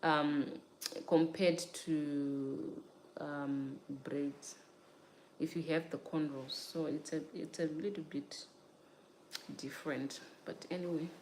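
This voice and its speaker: A woman's voice: deep voice, fairly even intonation, slow, darkish tone, roomy sound, a little hiss or hum. A young adult woman chatting casually with viewers during a hair-care livestream, laughing often and asking "you get it?". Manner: repeats "you get it?" and "child". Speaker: natural hair vlogger. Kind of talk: casual livestream chat while taking down braids.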